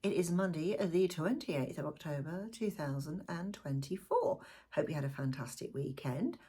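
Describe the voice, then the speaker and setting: A middle-aged woman gives a chatty tarot reading to viewers. She talks warmly with asides, and her voice is croaky. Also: low-pitched, lively intonation, moderate pace. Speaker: tarot reader.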